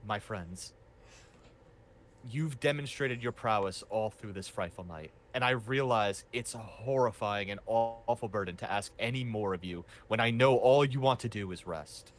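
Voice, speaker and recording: A man's voice: fairly low pitch, lightly acted. A man playing a shaken town governor. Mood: pleading. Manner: formal, pleading, hurried. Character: shaken middle-aged male town governor.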